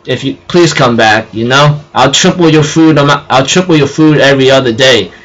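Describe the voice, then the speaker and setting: A man quoting a female sorceress in a lowered, coaxing voice. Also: normal speed, dull audio, close to an everyday voice.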